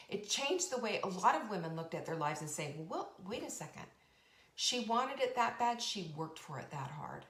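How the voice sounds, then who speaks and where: A woman's voice: on the high side, fairly bright tone, roomy sound. Emphatic woman giving a motivational talk. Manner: emphatic, repetitive, earnest. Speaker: podcast host and coach.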